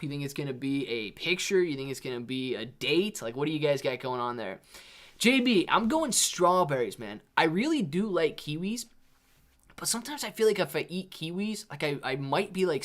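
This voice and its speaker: A man's voice: a little high, a bit bright. A man hosting a live stream, reading viewer chat aloud in a rambling, laid-back way and calling people "dude" and "man". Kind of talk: casual livestream chat.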